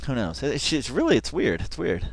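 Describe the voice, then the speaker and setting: A man's voice: mid-range voice, very animated, normal speed, creaky, dry recording. A man giving casual reaction commentary on a video, rambling and chatty with lots of fillers and restarts, often laughing as he talks. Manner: laughs often while talking.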